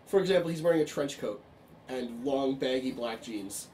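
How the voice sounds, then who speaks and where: A man with a Brooklyn accent narrating a tabletop game as game master, halting and casual. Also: medium pitch, animated, darkish tone, recorded from a distance, slight background noise. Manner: casual, halting, laughs often.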